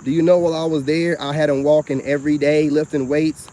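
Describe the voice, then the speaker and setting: Guy rambling outside, kinda high voice, lots of "you know what im saying", crickets in the back. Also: level tone, fast talker, mellow, slight background noise. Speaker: self-styled spiritual vlogger. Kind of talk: casual monologue to camera.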